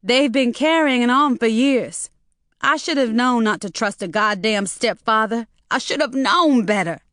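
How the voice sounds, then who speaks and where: A woman's voice: a little high, measured pace, fairly bright tone, dry recording, studio quality, voice pushed up. A woman reading an audiobook and voicing a distraught, furious middle-aged woman in a raised, strained, tearful voice. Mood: anguished.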